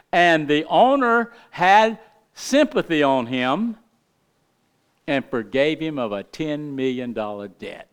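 In this sermon, a middle-aged man in the pulpit moves between hushed, quiet lines and loud, rising ones, all with impassioned emphasis. His voice leans high, expressive and smooth, and he takes his time.

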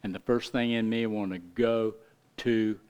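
A middle-aged male pastor preaching a sermon with impassioned emphasis, his delivery swinging between loud, rising lines and hushed, quiet ones. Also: fairly low pitch, fairly even intonation, a little slow, clear, resonant tone.

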